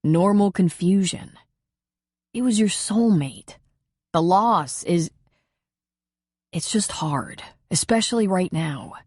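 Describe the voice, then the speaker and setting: A woman voicing a gentle man who speaks quietly and soothingly to a grieving friend. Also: fairly low pitch, lively intonation, slow, pauses often, breathy edge, dry recording, clean studio sound, heavily acted.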